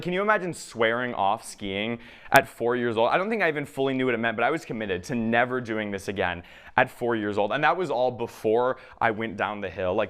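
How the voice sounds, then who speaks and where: A young man from Minnesota performing a stand-up comedy set, telling a self-deprecating story with halting pauses and many fillers. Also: fairly low pitch, fairly bright tone, clean tone. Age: young adult.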